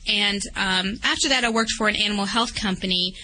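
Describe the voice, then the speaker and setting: A veterinarian from West Virginia talks about her work in a chatty radio interview. She has a Southern accent. Her voice is bright and forward. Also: mid-range voice, fairly quick, low-quality recording. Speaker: veterinarian guest. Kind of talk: phone-in interview.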